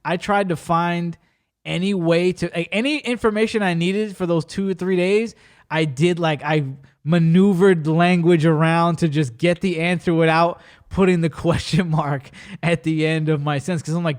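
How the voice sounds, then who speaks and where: Animated, slangy man telling stories. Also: on the high side, normal speed. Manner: animated storyteller with slang and frequent self-interruptions. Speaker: podcast host. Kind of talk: casual podcast chat.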